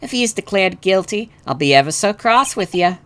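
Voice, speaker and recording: A man's voice: high voice, animated, fairly quick, bright, forceful tone, slight background noise, voice pushed up, heavily acted. A man voicing a sweet-talking wife in a video game with a put-on Southern accent, speaking in a syrupy, coy way.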